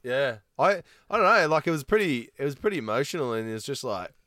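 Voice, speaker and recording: A man co-hosting a casual chat, excitable and quick to laugh. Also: mid-range voice, no echo, clean studio sound. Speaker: podcast co-host.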